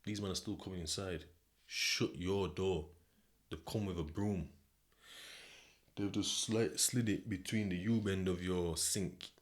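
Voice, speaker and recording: Deep-voiced British man telling a story. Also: fairly even intonation, measured pace. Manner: slang-heavy, conversational, repeats "do you know what I mean". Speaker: podcast host. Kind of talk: casual second-person storytelling.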